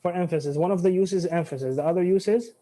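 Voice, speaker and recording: Fast-talking man teaching grammar online. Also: high voice, warm tone. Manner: mixes English and Arabic, many restarts, quizzes students. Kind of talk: online class lesson.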